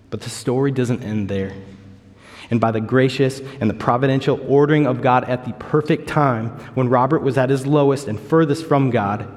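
A young man preaching a sermon, earnestly reading a hymn's lyrics slowly and telling its story. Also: mid-range voice, darkish tone. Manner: earnest, slow and stirred when reading lyrics. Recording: reverberant hall.

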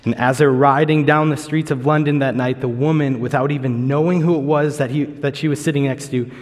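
A young man preaching a sermon, earnestly reading a hymn's lyrics slowly and telling its story. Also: medium pitch, steady tone. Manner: earnest, slow and stirred when reading lyrics. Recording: reverberant hall.

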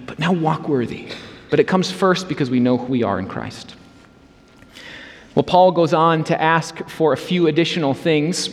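A man's voice: a little high, normal speed, long reverb tail. A man preaching a sermon as a pastor, earnest and emphatic in a conversational way.

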